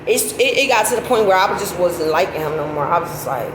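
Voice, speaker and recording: A middle-aged woman telling a story casually, animated and profane, her voice breaking into high laughing squeals. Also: fast talker, hardly any pauses. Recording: echoey with loud background noise.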